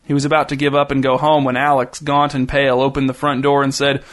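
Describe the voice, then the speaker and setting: A man narrating a short story in an even, dry reading style. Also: mid-range voice, fast talker, few pauses.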